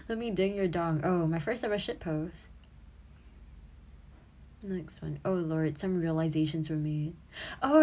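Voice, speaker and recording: A woman in her twenties who creates audio content and streams chats casually, giggling and swearing freely while revisiting her old posts. Her voice is lowish with a dark tone.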